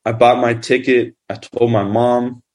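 A man's voice: mid-range voice, level tone, a little slow, darkish tone. A man who makes documentaries, telling a story in a casual, rambling way, full of fillers. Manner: rambling, filler-heavy with constant "like". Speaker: documentary filmmaker.

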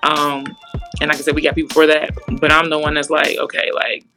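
A woman's voice: low voice, flat delivery, brisk, bright, forceful tone, soft background music, poor audio. A young woman guest, an assistant basketball coach, chatting in a laid-back way and acting out what her players say. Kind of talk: casual interview chat.

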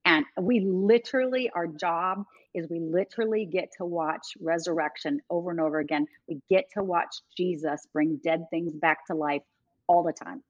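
A middle-aged woman speaking as a guest, lively and quick to laugh, doubling back on her own sentences. Her voice sits fairly low. The sound is dull and dry, with little room in it. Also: dry recording. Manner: animated, laughing, self-interrupting. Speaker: guest, ministry leader. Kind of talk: conversational storytelling.

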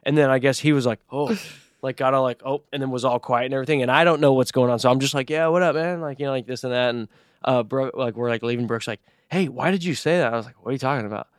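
Casual podcast co-host, young man, smooth clear voice, dry close sound. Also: mid-range voice, little pitch movement, racing, dry recording. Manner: rambling storytelling, heavy swearing, lots of fillers. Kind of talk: casual chat.

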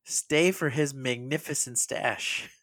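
A man's voice: mid-range voice, slow, a bit bright, no echo. A man co-hosting a casual movie podcast, chatty and laughing often, with frequent hesitant restarts. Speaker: podcast co-host.

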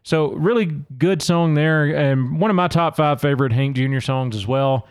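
Here the solo podcast host from Louisiana sounds smooth, with a somewhat high voice at an ordinary pace. He keeps things casual and conversational, breaking up his commentary on song lyrics by reading them aloud.

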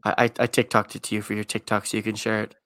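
A man's voice: fairly low pitch, monotone, fast, a bit bright. A young man co-hosting a casual podcast, eager and jokey in back-and-forth banter. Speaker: podcast co-host. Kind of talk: casual chat.

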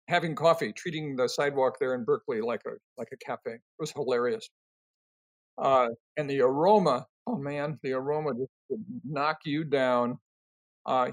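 An older man answering interview questions, telling rambling, animated stories full of fillers and restarts. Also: medium pitch. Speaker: interview guest, company co-founder.

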